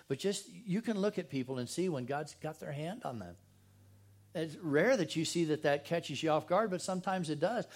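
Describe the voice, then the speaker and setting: A man delivers a sermon in a church. His voice sits a little high for a man, and he keeps it casual and joking, tossing questions to the people in front of him. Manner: casual, joking, talks straight to the congregation. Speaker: pastor. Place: church sanctuary.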